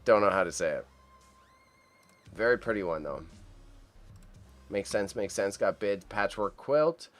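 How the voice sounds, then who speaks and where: With soft music playing in the background, a man in a fairly low pitch and lively intonation talks a little slowly, pausing often. He hosts a casual livestream, chatting upbeat with the chat and stumbling over tricky auction item names as he reads them out.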